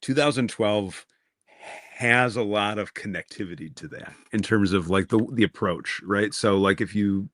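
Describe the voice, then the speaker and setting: A man's voice: on the low side, normal speed, fairly bright tone. A man in casual chat, rambling with many fillers and restarts.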